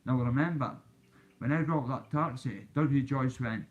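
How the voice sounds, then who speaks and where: A man's voice: medium pitch, moderate pace, dull audio. Boastful Glaswegian man telling a story. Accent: Scottish, Glaswegian. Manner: boastful, swaggering, addresses kids directly. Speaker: YouTuber. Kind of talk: casual vlog storytelling. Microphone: phone.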